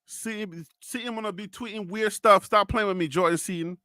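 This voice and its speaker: A man with a high, bright voice hosts a live sports stream, teasing his chat and breaking into laughter. The sound is dry and close on the mic. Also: fairly quick, no echo. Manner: teasing, loud, bursts of laughter, talks to chat viewers. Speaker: live sports show host.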